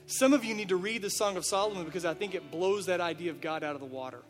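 A man's voice: sits high, fast, few pauses. A man preaching a sermon as a pastor, speaking earnestly straight to his listeners with a run of rhetorical questions. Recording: reverberant hall with faint music.

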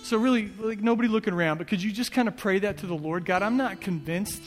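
A man preaching with an earnest, repetitive build, his voice pitched a little high. It rings out with a long echo through a church hall, while soft guitar plays underneath. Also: quick pace. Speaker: pastor. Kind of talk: sermon.

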